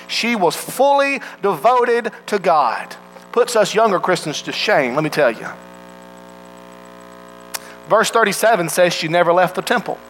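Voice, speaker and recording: A man's voice: high-pitched, a bit bright, a little hiss or hum, poor audio. A man preaching a sermon in an earnest way, asking his listeners direct questions.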